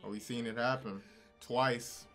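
A young man reacting to an anime, excitable and slangy, laughing often. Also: mid-range voice, unhurried, soft background music. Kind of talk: casual reaction commentary.

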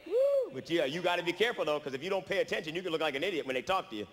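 A male stand-up comedian performing an animated set on stage, acting out the people in his stories. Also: fairly high pitch, racing. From Harrisburg, Pennsylvania. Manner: animated, acts out other people's lines. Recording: reverberant live hall recording with audience noise.

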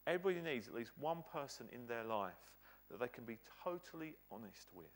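A man's voice: medium pitch, sing-song, a little fast. A man with a British accent preaching a sermon as pastor, emphatic and repeating his key phrases.

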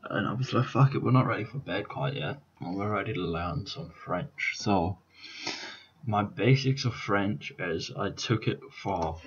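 A man's voice: fairly low pitch, a little slow, highs cut off, slight background noise. A Scottish man in his twenties talking casually and swearing, thinking aloud with lots of ums, tired from staying up all night. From Scotland. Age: 20s. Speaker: YouTuber. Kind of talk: casual vlog commentary.

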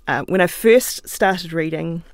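Gravelly-voiced New woman, podcast guest. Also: on the low side, a little slow, dry recording. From New Zealand. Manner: thoughtful, chatty, laughs easily, talks with her hands. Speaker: interview guest, author and playwright. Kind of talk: casual conversational interview. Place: podcast studio. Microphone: studio microphone.

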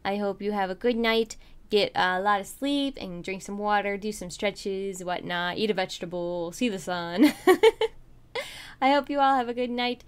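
A woman's voice: mid-range voice, normal speed, clear, resonant tone. A young woman streaming a game, chatting casually and bubbly while tired and hiccuping, sometimes mumbling to herself. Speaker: livestreamer. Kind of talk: casual live stream chat.

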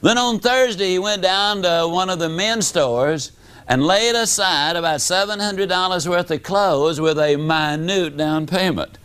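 A man's voice: a little slow, fairly bright tone, smooth. A man giving a motivational speech, telling a story in a folksy, dramatic way. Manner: folksy, dramatic, wide pitch swings. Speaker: motivational speaker.

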